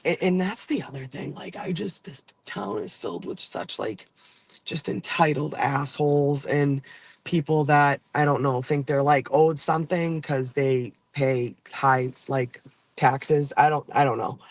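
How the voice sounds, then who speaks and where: A man's voice: fairly high pitch, measured pace. A man from Boston talks to his viewers while driving around the city. His talk is loose and rambling, packed with fillers and swearing. The sound is from inside a car. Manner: rambling, profane, full of fillers. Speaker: channel host. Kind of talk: casual driving vlog chat.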